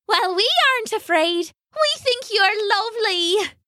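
Woman doing high, sweet glowing fairies. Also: a little slow, sharp tone, no room sound, studio quality, full character voice. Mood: gentle. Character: tiny glowing kindly fairies.

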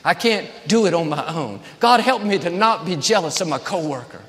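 A man's voice: fairly high pitch, expressive, moderate pace, fairly bright tone, long reverb tail. A man preaching a sermon as a pastor, earnest and building to emphatic peaks.

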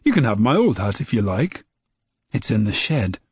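Brief: a friendly farm father, read by a man, husky, dry close sound, storybook. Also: lowish voice, very animated, normal speed, no echo, heavily acted. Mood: fond. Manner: plain, chatty, warm-hearted talk. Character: farm father, gruff then fond. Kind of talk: storybook reading.

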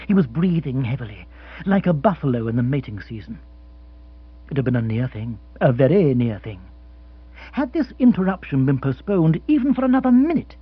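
A man reads comic fiction aloud in a slightly raised, husky voice that swings widely in pitch. His storytelling is wry and expressive. The recording is dull and lo-fi. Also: no room sound. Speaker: audiobook narrator. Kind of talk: scripted narration of comic fiction. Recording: dull lo-fi sound.

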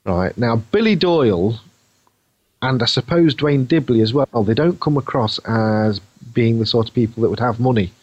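A man's voice: mid-range voice, lively intonation, moderate pace, darkish tone, no echo, highs cut off. A man, co-hosting a podcast in casual chat, musing and rambling with many fillers. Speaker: podcast co-host.

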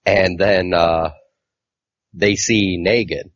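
A man's voice: deep voice, unhurried, no room sound. A man co-hosting a casual comic book podcast, recapping a story in a rambling way with lots of fillers. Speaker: podcast co-host. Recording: dull, lo-fi mic.

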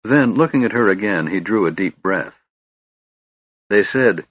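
A man narrating a fantasy audiobook in a steady, measured storytelling manner, with a husky voice. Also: fairly low pitch, no room sound, muffled recording. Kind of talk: scripted narration.

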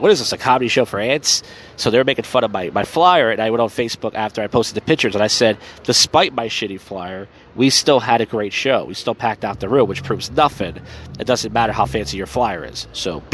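A man's voice: medium pitch, a little hiss or hum. A man hosting a casual solo podcast, rambling loosely with profane, wry asides, recorded outdoors in a city on a phone. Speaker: podcast host.

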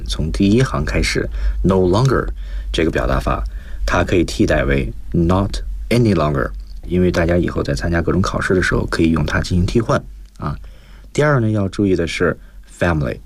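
A man's voice: low voice, animated, fairly quick, no echo. A man hosting a radio English lesson, explaining vocabulary and stressing each point for students. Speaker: English teacher, host.

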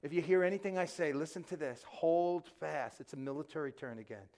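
Fervent high-voiced New pastor. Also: male voice, brisk. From New York. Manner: passionate, swings between loud and hushed; repeats words when excited. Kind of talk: sermon.

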